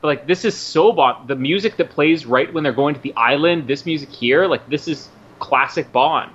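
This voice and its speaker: A man's voice: fairly high pitch, moderate pace, fairly bright tone, slightly rough. A man co-hosting a podcast, chatting casually and laughing often while watching a movie. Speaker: podcast co-host. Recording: muffled lo-fi audio.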